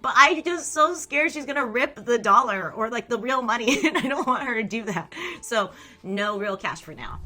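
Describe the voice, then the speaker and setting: A woman's voice: fairly high pitch, expressive, moderate pace, pushed and bright. A young woman streaming live, chatting casually with viewers, reading their messages aloud and laughing often.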